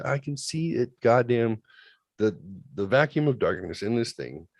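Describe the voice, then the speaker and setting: A man in his thirties telling a story in a casual, profane, animated way, swinging between loud outbursts and quiet asides. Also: mid-range voice, dry recording. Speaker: podcast host.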